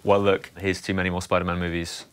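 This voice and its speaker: A man's voice: sits low, level tone, quick pace, smooth. A man interviewing a guest on radio as a film critic, asking upbeat, chatty questions. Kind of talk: casual interview.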